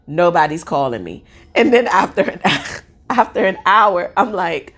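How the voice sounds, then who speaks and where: Excitable rambling woman telling a story. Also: lowish voice, a little slow. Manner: rambling, excitable, many fillers. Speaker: mother telling a personal story. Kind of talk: casual storytelling.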